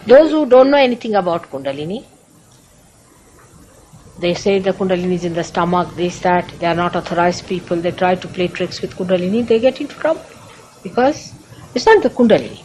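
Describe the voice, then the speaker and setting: A woman's voice: lowish voice, a little mellow, slight background noise, poor audio. A woman spiritual teacher giving a sermon to a meditation gathering, telling stories with acted quotes and rhetorical questions.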